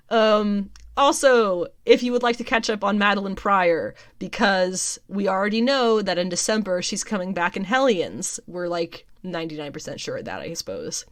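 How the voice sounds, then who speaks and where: A young woman hosting a casual comics news podcast, excitable and rambling, with many ums and restarts. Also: mid-range voice, moderate pace, few pauses, no room sound, studio quality. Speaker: podcast host.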